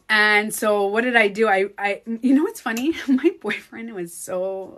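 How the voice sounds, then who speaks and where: A woman and beauty coach talking to her viewers in a casual vlog. She is chatty, restarts her sentences, and swings between hushed asides and excited retelling. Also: medium pitch, measured pace.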